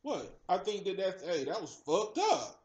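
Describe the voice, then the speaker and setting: High-voiced man, insistent in casual chat. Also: sing-song, a little slow, a little mellow, roomy sound. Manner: insistent, repeats himself to cut in.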